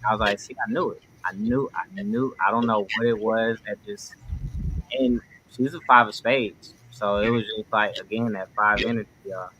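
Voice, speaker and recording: A man with telling a story as a guest on a casual livestream, animated and slangy. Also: fairly low pitch, moderate pace, slight background noise, low-quality recording.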